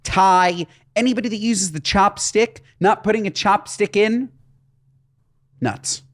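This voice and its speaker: A man co-hosting a comedy podcast with a fairly high voice. He rants in exasperated comic bursts, all mock outrage and punchlines. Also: a little slow. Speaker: podcast co-host. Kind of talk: comedic casual podcast chat.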